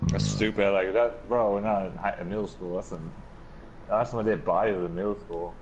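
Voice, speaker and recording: A man's voice: on the low side, steady tone, fairly quick, darkish tone. A man chiming in with short remarks and agreement during a casual podcast chat. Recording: dull lo-fi audio with faint noise.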